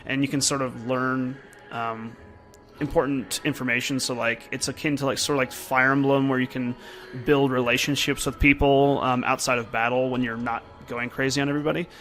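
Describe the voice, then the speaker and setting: A man's voice: medium pitch, level tone, brisk, fairly bright tone, soft background music. A young man giving casual, rambling commentary while playing a video game and reading its dialogue aloud. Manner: casual and rambling, with many fillers. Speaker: game reviewer.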